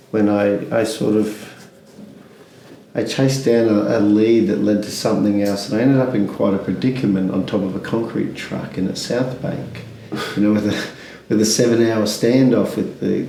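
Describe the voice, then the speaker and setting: A man's voice: on the low side, gravelly, mellow, echoey room, slight background noise, poor audio. A man, speaking candidly as an interview guest, rambling with many restarts and fillers.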